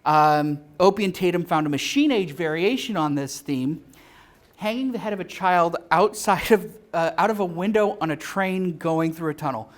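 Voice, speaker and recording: A man giving a live lecture at a convention, halting often with filler sounds and restarts, and dropping dry, joking asides. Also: high voice. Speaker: convention speaker.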